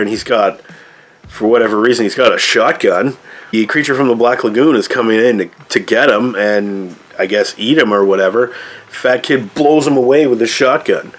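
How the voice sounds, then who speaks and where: Laid-back man rambling through a movie review. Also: medium pitch. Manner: loose, rambling, frequent "like" and "I don't know" asides.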